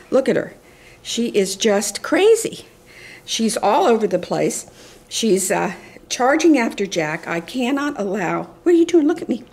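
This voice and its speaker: A woman's voice: mid-range voice, breathy edge. An older woman chatting casually to the camera, rambling and doting, often dropping to a whisper. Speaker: reborn doll collector vlogger.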